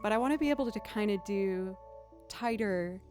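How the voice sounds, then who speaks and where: Casting note: young woman, violinist livestream host, relaxed chatter, quiet music underneath. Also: medium pitch, moderate pace. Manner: chatty, laughs often, thanks viewers. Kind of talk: casual livestream chat.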